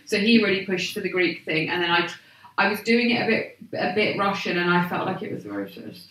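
A woman's voice: fairly low pitch, animated, brisk, fairly bright tone, distant mic. Giggly chatty woman, echoey. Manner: chatty, giggly, self-deprecating, rambling. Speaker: podcast guest, comedic actress. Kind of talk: casual chat.

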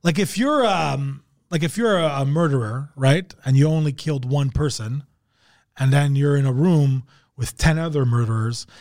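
A comedian from Montreal chatting casually as a podcast guest, swearing a lot and rambling through stories with plenty of fillers. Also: male voice, a little high, moderate pace, a little mellow. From Montreal, Canada. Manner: profane, rambling storytelling with many fillers.

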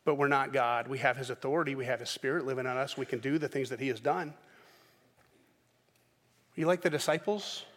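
A man preaching a sermon as pastor, telling the story in a lively way and acting out the characters' voices. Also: mid-range voice, normal speed, long pauses, long reverb tail.

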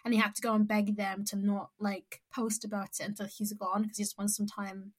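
A woman co-hosting a podcast in casual chat, talking haltingly with many restarts and fillers. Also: mid-range voice, flat delivery, breathy edge. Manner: hesitant, full of "like" and trailing restarts. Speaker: podcast co-host.

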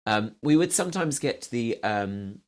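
A man's voice: medium pitch, lively intonation, unhurried. A man from southeast London, a comedian as guest, telling stories in a wry, well-spoken manner. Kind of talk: casual chat.

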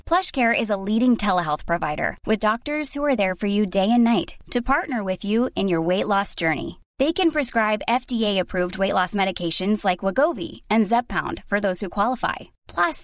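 A woman reading a scripted ad as a warm, personal endorsement. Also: mid-range voice, no room sound, studio quality. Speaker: ad presenter. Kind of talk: scripted ad read.

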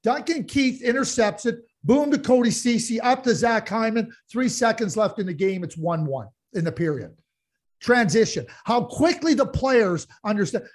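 A man's voice: very high-pitched, lively intonation, normal speed. A man co-hosting a casual sports chat, talking passionately with lots of restarts and repeated words. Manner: passionate ranting, frequent restarts. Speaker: podcast co-host.

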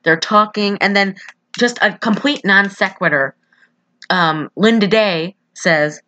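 A woman's voice: medium pitch, takes it slowly, pushed and bright, dull audio. A woman co-hosting a casual podcast, chatting and joking through a movie recap with lots of fillers. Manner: chatty, jokey, lots of "like" and restarts. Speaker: podcast co-host.

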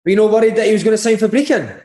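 A man interviewing a guest, asking quick, eager questions in a casual chat. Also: sits high, mellow, reverberant.

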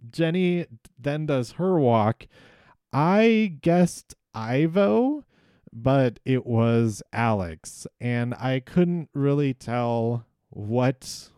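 A man's voice: medium pitch, lively intonation, drawn-out words, dark tone, clean tone, no room sound, clean studio sound. A man hosting a podcast, recapping an episode in casual solo talk, rambling and hesitant with many ums and restarts. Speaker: podcast host.

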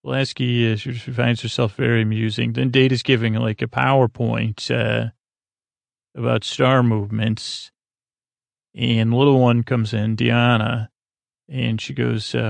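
A man's voice: mid-range voice, flat delivery, measured pace, vocal fry, no echo. A man hosting a podcast, casually retelling a TV episode in a rambling, filler-heavy way and paraphrasing the characters in loose slang.

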